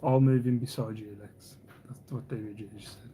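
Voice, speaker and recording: At a normal speed and in a steady, mid-range voice, a man runs a casual live stream. His talk drifts from idea to idea as he ribs the audience and voices their comments aloud. Faint background noise can be heard.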